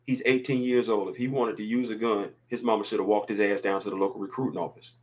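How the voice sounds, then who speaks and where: A man's voice: fairly low pitch, steady tone, fast, few pauses. A man in his fifties hosting a casual opinion show, talking emphatically and repeating words to drive his points home. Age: 50s. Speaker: podcast host.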